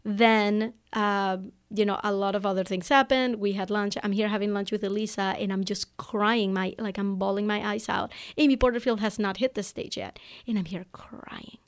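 A woman's voice: mid-range voice, fairly even intonation, normal speed, hardly any pauses, clear, resonant tone. A woman hosting her own podcast, telling a personal story in an earnest, heartfelt way with casual fillers. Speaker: podcast host.

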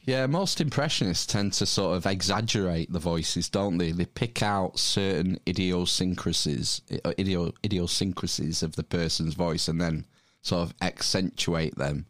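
A man's voice: sits low, moderate pace, fairly bright tone, dry recording, studio quality. A man with a Northern English accent chatting casually on a podcast, hesitant with plenty of ums and restarts. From Northern England. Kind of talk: casual chat.

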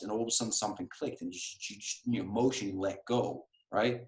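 A man from Europe, a guest on a podcast, telling his story in a candid, animated way at home and often tossing in "dude" and "right?". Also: fairly low pitch, fairly quick, hardly any pauses, roomy sound. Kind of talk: casual storytelling. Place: home room.

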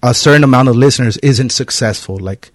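Male podcast host, relaxed and rambling, mid-pitched, recorded dry. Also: a little fast, dry recording. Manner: rambling, full of "like" fillers. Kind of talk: casual conversational interview.

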